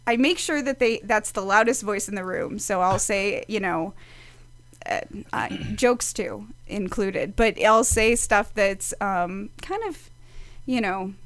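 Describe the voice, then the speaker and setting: Woman guest, mid-pitched, earnest and halting, dry close studio sound. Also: dry recording. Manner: earnest, halting with many restarts. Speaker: psychic medium guest. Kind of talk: casual podcast interview.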